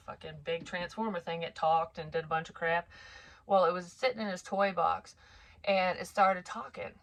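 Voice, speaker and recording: A woman in her forties with a slightly low voice tells a personal story, frank and full of swearing. She talks in a chatty, rambling way with asides. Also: a bit bright. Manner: frank and heavily profane. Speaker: psychic medium vlogger. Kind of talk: casual storytelling.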